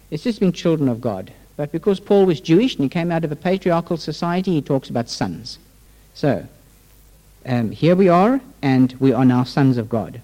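A man's voice: on the high side, warm tone. A man preaching a sermon as pastor, opening with a prayer and then stressing points emphatically. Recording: long reverb of a hall.

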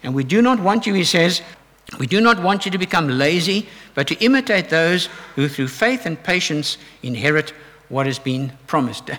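A man's voice: fairly high pitch, big pitch swings, moderate pace, fairly bright tone. A man preaching a sermon in an earnest, exhortative way, rising to emphatic peaks. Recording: long hall reverb.

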